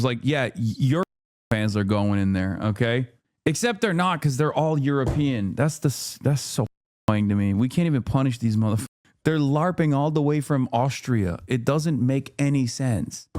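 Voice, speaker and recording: A man's voice: mid-range voice, expressive, normal speed, a little mellow, no room sound, studio quality. A man hosting a live stream, reacting to clips in heated, blunt, profane and mocking commentary. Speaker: streamer host.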